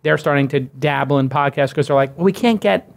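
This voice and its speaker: Guy hosting a tech show, kinda high voice, dry studio sound, jumps in a lot. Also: gravelly, no echo. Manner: upbeat, quick interjections. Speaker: host. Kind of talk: casual roundtable chat.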